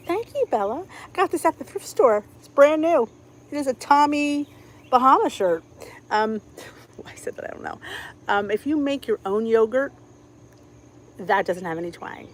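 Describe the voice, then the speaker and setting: A woman's voice: medium pitch, slight background noise, low-quality recording. A middle-aged woman with a Philadelphia accent, chatting casually on a live stream from home and greeting viewers by name. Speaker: cooking channel host.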